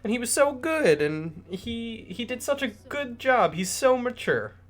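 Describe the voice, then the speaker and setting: Casting: Ophelia, a gentle gushing young priestess in a game, played by a man pitching his voice way up. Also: big pitch swings, measured pace, full character voice. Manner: high, breathy-sweet gushing. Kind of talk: reading game dialogue aloud.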